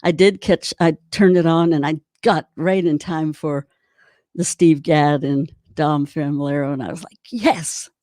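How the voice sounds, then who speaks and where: Woman, drum instructor, encouraging, casual clinic talk, low voice, dry sound. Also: fairly even intonation, normal speed, dark tone, no echo. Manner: chatty, encouraging, demonstrates while talking.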